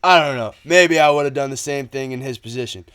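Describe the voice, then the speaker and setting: A young man giving casual, excitable commentary on a movie trailer, rambling and slangy. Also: medium pitch, brisk, smooth. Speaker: movie trailer breakdown YouTuber.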